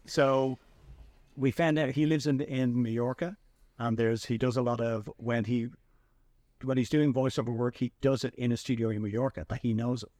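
A man hosting a podcast and telling a story in a chatty, animated way with lots of restarts. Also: medium pitch, normal speed, dry recording. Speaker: podcast host. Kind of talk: casual storytelling chat.

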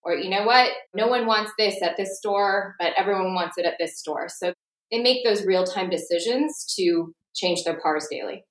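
A woman's voice: medium pitch, normal speed, roomy sound, poor audio. A woman who runs restaurants explains in practical terms how her business uses data. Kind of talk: interview explanation.

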